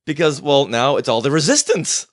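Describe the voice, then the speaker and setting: A man co-hosting a casual fan podcast, bantering in an excitable, playful way. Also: a little high, normal speed, no room sound, studio quality. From United States. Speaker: podcast co-host.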